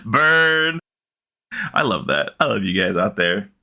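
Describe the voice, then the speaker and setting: A man co-hosting a casual gaming podcast from home, excitable, often gasping and laughing. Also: sits low, brisk, gravelly. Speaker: podcast co-host. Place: home, sitting beside co-host.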